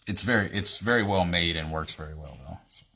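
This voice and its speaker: A man's voice: low voice, brisk, sharp tone. A man co-hosting a live auction, chatting casually and explaining items with asides. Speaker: auction co-host. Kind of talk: casual chat. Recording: echoey room with clear background noise.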